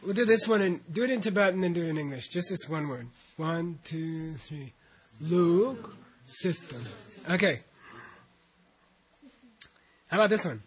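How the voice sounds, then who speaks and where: A man's voice: on the high side, animated, moderate pace, long pauses, a bit bright, lo-fi sound. A man teaching a language class, reading out syllables, counting the students in and adding chatty asides.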